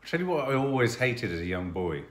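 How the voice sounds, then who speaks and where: A man's voice: medium pitch, very animated, quick pace, roomy sound. A man co-hosting a casual family livestream, reading out viewer comments and cracking jokes. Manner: playful, jokey, full of trivia.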